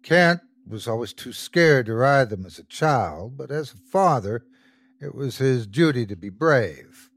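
A man's voice: medium pitch, animated, unhurried, no room sound. A man narrating a scripted horror story as the show's host, telling it expressively.

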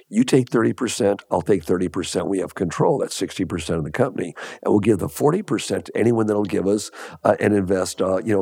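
A man's voice: on the low side, vocal fry, a little mellow, slightly rough, no room sound, studio quality. An older man from Los Angeles, telling stories in an interview at a leisurely pace, repeating phrases for emphasis and chuckling. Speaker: guest, entrepreneur. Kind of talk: interview storytelling.

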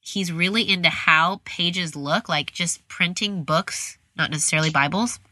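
Rambling, friendly woman host, thirties, lower bright voice. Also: moderate pace, no room sound, studio quality. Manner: chatty, rambling, self-deprecating. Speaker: podcast host. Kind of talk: casual conversational interview.

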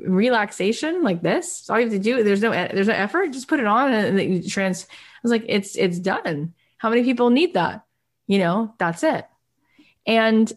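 A woman sales coach talking casually and energetically, acting out little dialogues with customers. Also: on the low side. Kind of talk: coaching talk.

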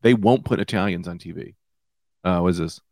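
A man in his thirties hosting his own comedy podcast, high and rambling loosely from one tangent to the next. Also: a little fast, darkish tone, no room sound, clean studio sound. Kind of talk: casual comedic monologue. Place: small room with lights out.

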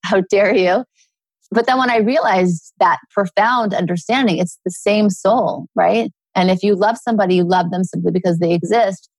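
A middle-aged woman, a guest author, talking earnestly in a relaxed interview and telling personal stories. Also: medium pitch, normal speed, few pauses, slightly rough, dry recording. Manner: earnest, storytelling with acted quotes.

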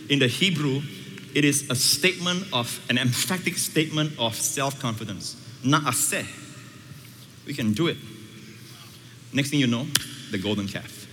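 A male pastor preaching a sermon, emphatic, swinging between loud high peaks and hushed low passages. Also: measured pace, pauses often, slight background noise. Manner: emphatic, with sweeping shifts between loud highs and quiet lows. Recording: reverberant hall with faint ambience.

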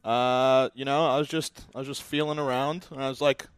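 A man's voice: medium pitch, fairly even intonation, brisk, clean tone, no room sound. Young man joking on a podcast. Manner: loose and joking, tells stories with lots of fillers. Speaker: podcast co-host. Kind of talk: casual podcast chat.

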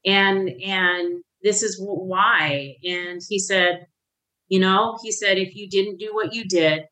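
A woman's voice: medium pitch, steady tone, slow, sharp tone, poor audio. A middle-aged woman on a podcast, telling her recovery story in a heartfelt, candid way and acting out the voices she quotes. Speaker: podcast guest. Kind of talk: candid conversation about recovery.

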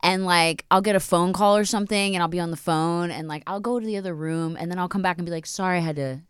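A woman chatting casually, quick to laugh and chime in. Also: lowish voice, steady tone, smooth, no room sound, clean studio sound. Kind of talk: casual chat.

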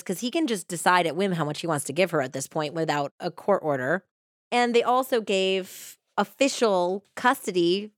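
A woman casually telling a true-crime story, acting out quotes with big jumps in pitch and filling her talk with "like". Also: dry recording, studio quality. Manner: animated retelling, acts out quotes with pitch jumps; many fillers like "like" and "you know". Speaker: podcast co-host.

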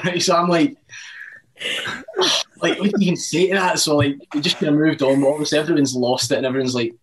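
A man's voice: on the high side, slight background noise, rough recording. Chatty Scottish man rambling on. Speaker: radio presenter. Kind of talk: casual chat.

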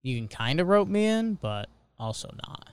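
Podcast co-host, male, easygoing sidekick, clear smooth voice, dry close mic. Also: on the high side, big pitch swings, normal speed, no echo. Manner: laid-back, chimes in with short agreements and quips. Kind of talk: casual chat.

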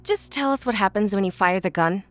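A woman's voice: medium pitch, expressive, a little fast, dry recording, faint music behind, natural voice. An actress playing a skeptical, blunt young woman in an audio drama, impatient and mocking. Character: skeptical, brash young woman, older sister.

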